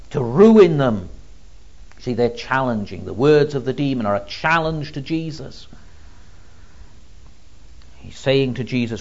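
A man preaching an expository Bible teaching, emphatic and expressive, with frequent ums. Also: a little high, muffled recording.

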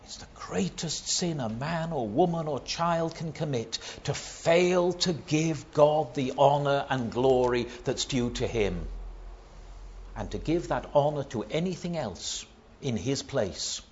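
A man preaching a sermon, building to loud emphatic stresses on key words. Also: on the high side, animated, takes it slowly, dull audio, a little hiss or hum.

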